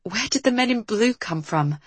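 A woman's voice: fairly high pitch, lively intonation, normal speed, breathy edge, no room sound, pitched above the performer's own voice. Woman voicing a strained, commanding young man. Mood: urgent. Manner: strained, accusing. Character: young man leader, commanding and short-tempered.

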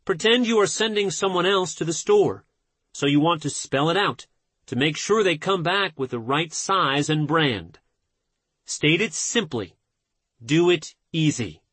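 A man narrates a book in a husky, slightly high voice, keeping his delivery measured and earnest. The recording is dry and close, with no room sound around him. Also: expressive, fairly bright tone, dry recording. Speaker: audiobook narrator. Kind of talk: scripted narration.

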